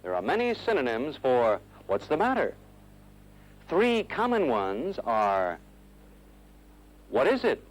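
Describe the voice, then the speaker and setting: Man narrating an old english lesson film, slow and careful, voice goes up and down a lot, says phrases for you to repeat. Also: medium pitch, huge pitch swings, low-quality recording. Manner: slow, clearly modelled phrases for learners to repeat. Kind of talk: scripted instructional narration.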